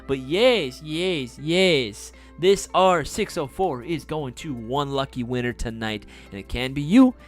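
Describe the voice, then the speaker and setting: A man's voice: fairly high pitch, a little slow, hardly any pauses, soft background music. A man hosting a casual livestream, chatty and hyped, reading viewer comments aloud and swearing casually. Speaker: livestream host.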